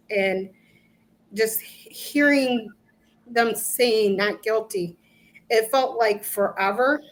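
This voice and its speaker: A middle-aged woman, an interview guest, tells an emotional personal story at a slow, unhurried pace. She halts often and circles back over her own words. Now and then nervous laughter breaks in. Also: mid-range voice, rough recording. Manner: halting, repeats herself, laughs nervously.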